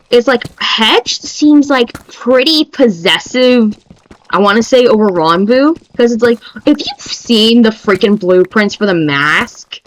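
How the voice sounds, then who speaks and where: A young woman streamer chatting casually in an excitable, rambling way. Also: mid-range voice, low-quality recording.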